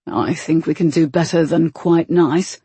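Woman voicing a rough man, teasing, hushed, breathy, unhurried. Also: deep voice, fairly even intonation, dry recording, heavily acted.

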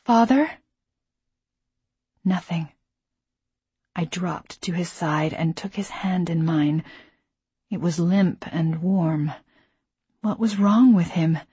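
A woman narrating a first-person novel in a measured voice, dropping to whispers in tense moments. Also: lowish voice, fairly even intonation, dark tone, husky, dry recording. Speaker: audiobook narrator.

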